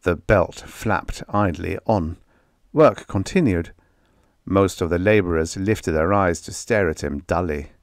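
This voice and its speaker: A man narrating a vintage horror short story in a measured, expressive style. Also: deep voice, no room sound, studio quality. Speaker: audiobook narrator.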